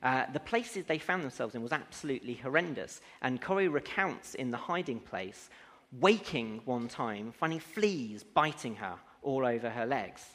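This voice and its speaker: A man's voice: medium pitch, expressive, moderate pace, a bit bright. A man preaching a sermon who builds to emphatic, rising declarations. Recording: long hall reverb.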